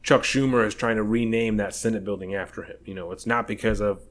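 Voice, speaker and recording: A man's voice: fairly low pitch, fairly even intonation, quick pace. Emphatic man co-hosting a chat podcast. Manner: emphatic, fillers like "you know". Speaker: podcast co-host. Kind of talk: casual political chat.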